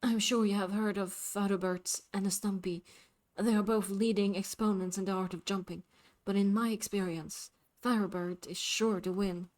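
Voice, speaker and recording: Woman voicing a calm, courteous frog host. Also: medium pitch, lightly acted. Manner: soft-spoken, courteous, measured. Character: calm, formal frog host of a jumping contest.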